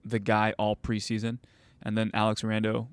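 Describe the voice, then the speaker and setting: A man's voice: on the low side, monotone, normal speed, smooth, dry recording. A young man, a goalkeeper coach and host, telling stories casually with many fillers and restarts. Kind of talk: casual conversational storytelling.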